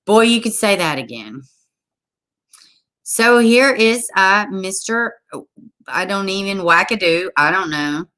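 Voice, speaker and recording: A woman hosting a livestream from home, reading news stories aloud and reacting in an exasperated, animated way while talking straight to her viewers. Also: medium pitch, takes it slowly, long pauses. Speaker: livestream host. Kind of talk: casual news commentary to a live chat.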